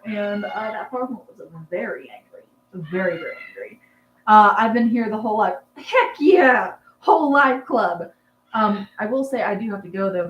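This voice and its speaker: A woman's voice: mid-range voice, highs cut off. A young woman hosting a casual livestream, rambling and chatty, with plenty of "um"s and asides to her viewers. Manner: rambling, chatty, lots of "um"s, laughs with the chat. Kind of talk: casual live chat. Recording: echoey room with faint background hum.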